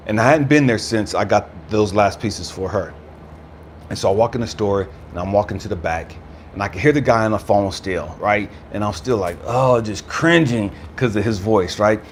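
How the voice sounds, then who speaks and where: A man's voice: lowish voice, slight background noise. A man hosting his channel, telling an emotional personal story in an informal, slangy way and addressing listeners as family. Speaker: channel host, spiritual speaker.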